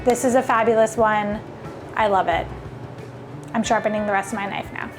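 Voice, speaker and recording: Cooking at home for her casual vlog, a woman talks with a medium-pitched, steady voice at a normal speed while music plays in the background. She's chatty and eager, voicing her thoughts as she goes.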